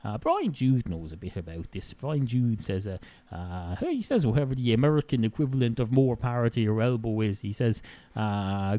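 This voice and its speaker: A man's voice: medium pitch, sing-song, normal speed, warm tone, no room sound. A man with an Irish accent hosting a solo podcast, rambling sardonically with many fillers. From Ireland. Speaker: podcast host.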